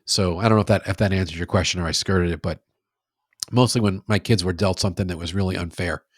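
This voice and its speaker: A middle-aged man speaking as a podcast guest, reflective and measured, often restarting his sentences. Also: low voice, steady tone, dry recording, studio quality. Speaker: guest, sales author. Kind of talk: casual conversational interview.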